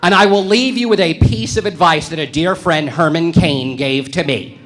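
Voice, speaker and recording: A male stand-up comedian working a club stage with a high, bright voice. He talks brashly and provocatively and lands his punchlines deadpan. The sound comes off a handheld stage mic. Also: normal speed, faint music behind.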